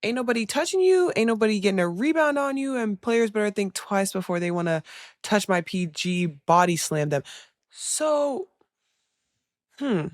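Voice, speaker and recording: A woman's voice: mid-range voice, big pitch swings, normal speed, no room sound. A young woman in her twenties co-hosts a podcast with an upbeat, teasing energy, hyping up listeners and joking with her partner. Her mid-range voice sits close and dry on the mic. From United States. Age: 20s. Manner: teasing, upbeat, playfully hyped. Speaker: podcast co-host. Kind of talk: casual podcast chat.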